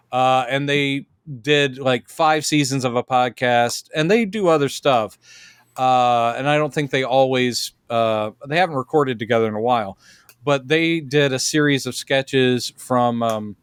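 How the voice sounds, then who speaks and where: A man hosting a casual podcast chat, opinionated and animated as he tells stories, on a close podcast mic. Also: medium pitch, measured pace, clean tone, no room sound. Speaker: podcast host.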